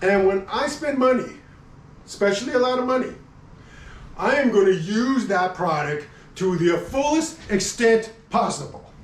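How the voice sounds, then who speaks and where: A man's voice: high voice, expressive, normal speed. Chatty middle-aged man, roomy distant sound. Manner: rambling, chatty, self-correcting, laughs often. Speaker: motorcycle and gear vlogger. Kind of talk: casual product review chat.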